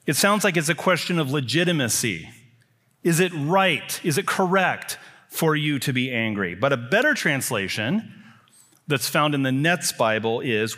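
A man's voice: mid-range voice, lively intonation, moderate pace, pushed and bright. A man preaching a sermon, emphatic, building his points with repeated phrases.

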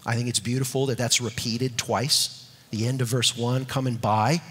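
Man, preacher, sermon, husky voice, emphatic, soft low scripture readings. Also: fairly even intonation, moderate pace. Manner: emphatic, repeats key phrases, drops to soft low tones for scripture. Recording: long hall reverb, husky.

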